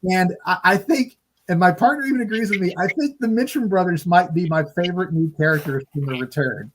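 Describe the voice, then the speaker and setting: A man's voice: high-pitched, brisk, rough recording. Man, podcast co-host, casual chat, effusive, stammering, light hiss. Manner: effusive, stammering restarts, emotional.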